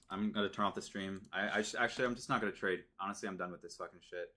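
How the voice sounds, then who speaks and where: A man's voice: low voice, steady tone, very fast, few pauses, pushed and bright. A young man streaming his day trading live, frustrated and swearing, repeating himself as he talks to viewers.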